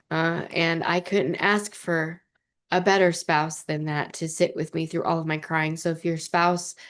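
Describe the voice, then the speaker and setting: Gentle, earnest woman, slightly low voice. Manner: gentle, earnest, with many fillers and restarts. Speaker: vlogger. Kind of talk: heartfelt personal talk to camera.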